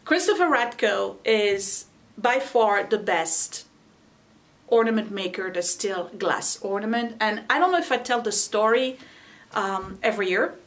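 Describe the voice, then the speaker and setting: A middle-aged woman rambles on camera from home about decorating for the holidays, laughing frequently in a relaxed chat. She speaks at medium pitch, expressively and at a measured pace.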